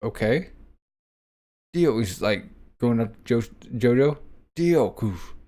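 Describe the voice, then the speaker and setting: A man's voice: medium pitch, lively intonation, slow pace, warm tone. A man casually reading a comic aloud, voicing sound effects and reacting with a lot of "like".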